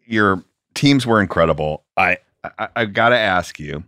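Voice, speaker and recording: A man hosting an interview, asking measured questions and giving short acknowledgments. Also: sits low, lively intonation, sharp tone, no echo, studio quality. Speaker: host. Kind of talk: interviewing a guest.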